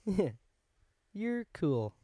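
A man's voice: high voice, very animated, very slow, mellow. A man in casual chat, playful and teasing, laughing often.

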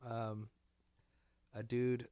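A man's voice: mid-range voice, flat delivery, extremely slow, dark tone, smooth, no echo, clean studio sound. A tired man co-hosting a podcast with a morning voice, rambling and trailing off in casual chat. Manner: rambling, self-deprecating, trails off. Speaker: podcast co-host. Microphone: studio microphone.

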